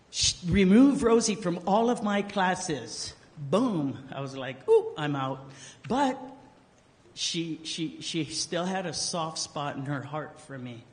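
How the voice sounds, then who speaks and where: In a memorial service hall with long reverb, a man with a fairly high voice delivers a eulogy at an unhurried pace. He treats it as casual, joking storytelling, animatedly acting out the quotes he recounts.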